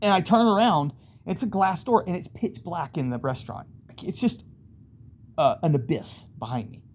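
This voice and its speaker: A man's voice: fairly high pitch, big pitch swings, moderate pace, slight background noise. Rambling man telling a wild story. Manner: rambling, vivid, acts out voices in bursts. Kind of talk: casual first-person storytelling.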